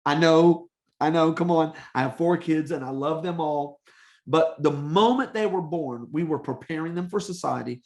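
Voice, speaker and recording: A middle-aged man teaching church leaders in an energetic preaching style, urging them on with repeated "come on" and quick restarts. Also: a little high. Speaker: ministry leader and coach.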